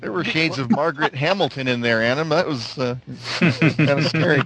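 Guy player on a call, dry deadpan jokes, faint hiss behind. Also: a little high, normal speed, low-quality recording. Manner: wry, deadpan quips. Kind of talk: casual chat before a tabletop game.

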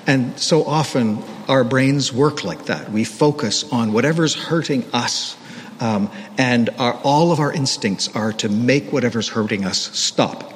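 A male pastor preaches in a candid, conversational way, often poking fun at himself, at a mid-range pitch. His voice rings with a long hall reverb over a faint wash of background noise. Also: unhurried. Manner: candid, self-deprecating, conversational. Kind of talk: sermon. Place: church.

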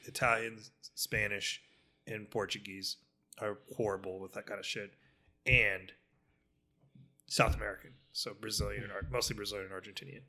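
A man's voice: fairly low pitch, little pitch movement, normal speed, creaky, bright, forceful tone. A man chatting casually on a podcast, telling a rambling story full of fillers, restarts and swearing. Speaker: podcast co-host. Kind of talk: casual chat.

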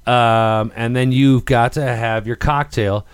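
A man's voice: mid-range voice, steady tone, takes it slowly, smooth. A man co-hosting a podcast in casual chat. He rambles and jokes, laughs often, and sounds stoned. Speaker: podcast co-host. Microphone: podcast microphone.

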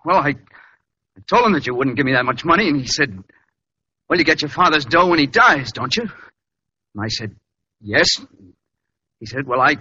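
An actor playing a weak young son in debt, pleading and defensive, in 1940s radio acting. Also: male voice, a little high, animated, normal speed, pauses often, pushed and bright, slight background noise. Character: weak young male heir, whiny gambler son. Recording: dull lo-fi old radio recording.

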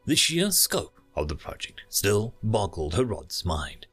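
A man narrating an audiobook in an expressive storytelling manner. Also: lowish voice, unhurried, breathy edge, faint music behind.

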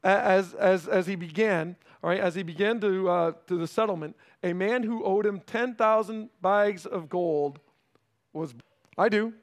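High-voiced man preaching a sermon. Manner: conversational preaching, keeps checking in with "right?"; swings between raised emphasis and hushed, slowed delivery. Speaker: pastor.

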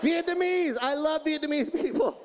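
A man performing a stand-up comedy routine on a club stage, with a loud, punchy, exaggerated delivery. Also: very high-pitched, moderate pace. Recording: stand-up clip, loud crowd and noise.

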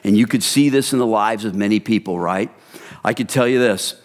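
Pastor preaching with a long hall echo. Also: male voice, lowish voice, fairly quick. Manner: conversational, animated storytelling. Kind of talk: sermon.

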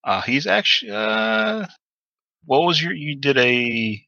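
A man with a very sharp, bright tone runs the game, pausing on ums as he makes his rulings. His mic sounds dull and lo-fi. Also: on the high side, big pitch swings, creaky, no echo. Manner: hesitant, many ums while ruling. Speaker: game master. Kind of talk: running a tabletop game.

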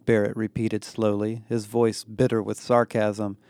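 A man narrating a novel in the first person with a steady, wry delivery. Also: fairly low pitch, moderate pace, hardly any pauses, dry recording, studio quality. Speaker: audiobook narrator.

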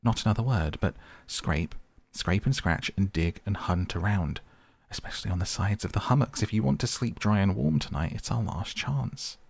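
A man voicing an energetic, impatient male water rat who gives orders, in a storybook reading. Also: low-pitched, normal speed, gravelly, dry recording. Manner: impatient, commanding.

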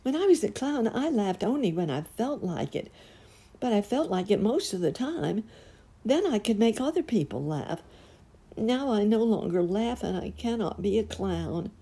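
A woman voicing a sad, gentle little male clown who speaks wistfully and plaintively in a storybook reading. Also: medium pitch, very animated, normal speed, breathy edge, pitched above the performer's own voice.

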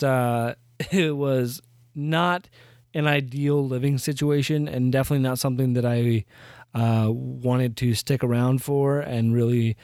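A man's voice: medium pitch, a little mellow, clear, resonant tone, no echo. A young man hosting his own podcast, telling a story in a rambling casual way, often restarting sentences, with dry sarcasm. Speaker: podcast host.

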